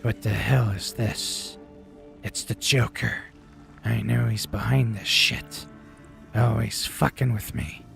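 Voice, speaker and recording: A man doing a raspy Batman voice. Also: steady tone, takes it slowly, a bit bright, soft background music, exaggerated voice. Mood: suspicious. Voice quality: low, raspy. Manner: menacing, mock-serious. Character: gruff brooding male superhero, threatening.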